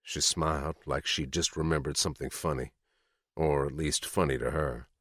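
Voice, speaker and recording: A man narrating a dark romance audiobook in the first person with a dramatic, expressive reading. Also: rumbling low, normal speed, husky, no room sound, clean studio sound.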